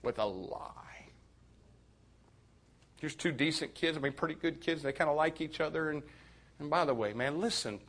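A male preacher delivering a youth sermon in a fairly high, bright, forceful voice. He drops to near-whispers, then climbs to shouted emphasis. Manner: swings from quiet confiding to shouting emphasis.

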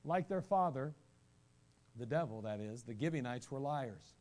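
A man preaching a sermon, animated, asking rhetorical questions and acting out quoted voices, at times rising to shouts. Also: medium pitch, moderate pace. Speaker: pastor.

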